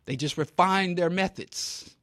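Man from kansas city preaching hard, high voice, dry close sound. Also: unhurried, fairly bright tone, no room sound. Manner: emphatic, preachy, rhetorical questions. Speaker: speaker. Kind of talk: impassioned talk.

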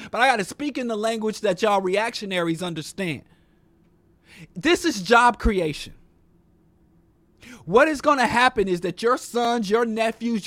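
A man with a high voice delivers a fiery, profane political monologue. His preacher-like cadence rises and falls through rhetorical questions. The sound is close and completely dry. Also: fairly bright tone, no room sound.

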